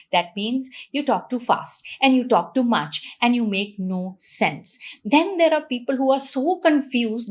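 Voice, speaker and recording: A woman from Punjab, giving fast, lively communication advice to camera with frequent little laughs and the odd Hindi phrase. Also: fairly high pitch. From Punjab, India. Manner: fast-talking, says so herself. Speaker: communication coach.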